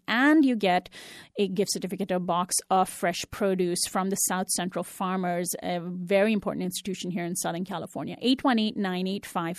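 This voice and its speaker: A woman's voice: mid-range voice, a little mellow, dry recording, clean studio sound. A woman hosting a public radio pledge drive, earnestly urging listeners to call and repeating the phone number often. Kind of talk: fundraising appeal on public radio.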